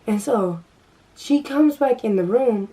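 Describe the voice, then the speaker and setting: A young adult woman vlogger telling a casual storytime, animated and acting out the dialogue. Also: fairly high pitch, takes it slowly, distant mic.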